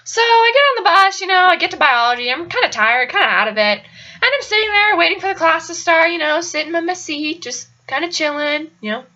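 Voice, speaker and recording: A woman's voice: extremely high pitch, animated, brisk, pushed and bright, lo-fi sound. A young woman telling a casual personal story in a chatty, rambling way with lots of fillers. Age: young adult. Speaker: college student storyteller.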